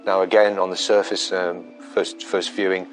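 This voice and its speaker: A police detective with a very low voice talks through an investigation in measured, halting sentences, filling gaps with ums. Soft music plays faintly under his words. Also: little pitch movement. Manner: measured, hesitant with many fillers. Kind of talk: documentary interview.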